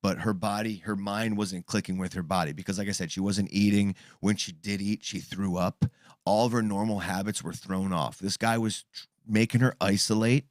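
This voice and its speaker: Profane, animated man in his thirties. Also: fairly low pitch, moderate pace, no room sound, clean studio sound. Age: 30s. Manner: animated, profane, acts out quoted voices. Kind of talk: casual chat.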